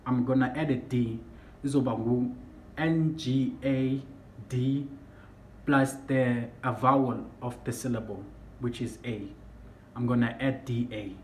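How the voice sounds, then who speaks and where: A young man explains word sounds in a casual lesson, often pausing and repeating himself. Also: mid-range voice, fairly even intonation. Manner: halting, repeats himself, searches for words. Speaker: language teacher. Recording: echoey room with faint background hum.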